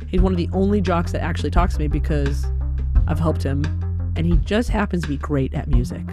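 A woman from Alabama telling a personal story in a lively way, acting out the dialogue. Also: deep voice, fairly quick, over music. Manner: animated, acts out dialogue.

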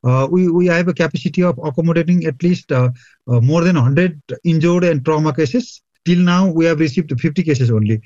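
Hospital chief from Nepal, halting phone interview, muffled dry sound. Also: male voice, fairly high pitch, warm tone, no room sound. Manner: halting, many fillers. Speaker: hospital medical superintendent. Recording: dull lo-fi line, dry.

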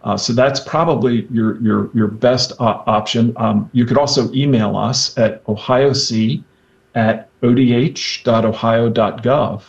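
A man who is a state health director, answering interview questions on the radio haltingly, with many ums and uhs. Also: medium pitch, fairly even intonation, vocal fry, muffled recording.

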